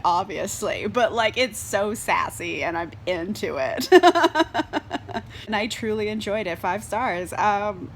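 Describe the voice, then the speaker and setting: A young book vlogger with a medium-pitched voice talks through a book review in a casual vlog, with a little hiss or hum audible. She's tipsy from wine, bubbly and quick to laugh, swearing freely and saying "like" often.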